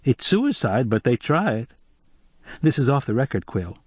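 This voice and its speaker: A man's voice: medium pitch, very animated, moderate pace, breathy edge, no room sound, pitched above the performer's own voice. A man voicing a blunt, confiding local official in an audiobook, close and dry.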